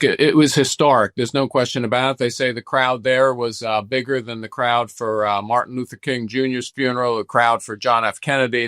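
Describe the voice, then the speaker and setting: A man who is a congressman, answering interview questions in a halting way with many fillers. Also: medium pitch, fairly bright tone, no echo, clean studio sound. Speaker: congressman guest.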